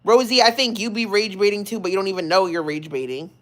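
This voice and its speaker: A woman's voice: mid-range voice, quick pace. Profane rambling young woman streamer. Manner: profane, rambling, laughs often. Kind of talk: casual ranting livestream commentary.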